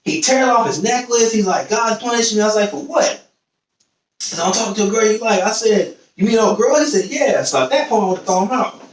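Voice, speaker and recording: High-voiced and talking fast, a young podcast host spins a long personal tale in a relaxed way, doing lively impressions of everyone he quotes. It's recorded in an echoey room from a distant mic.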